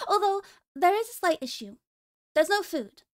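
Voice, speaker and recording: A woman chats on a live stream in a high voice. She teases and jokes and laughs often, playful throughout. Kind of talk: casual live-stream chat.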